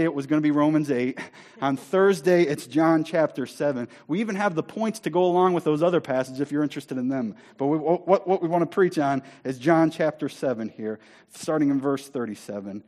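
A man preaching a sermon in a church, speaking emphatically and slowing down to stress key words. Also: mid-range voice. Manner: emphatic, rising to near-shouting on scripture. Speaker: pastor. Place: church sanctuary.

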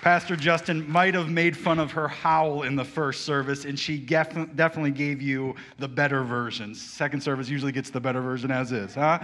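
A man's voice: mid-range voice, steady tone, brisk, hardly any pauses, a bit bright, slight background noise. A man leading a children's segment in a church service, upbeat and joking with the audience.

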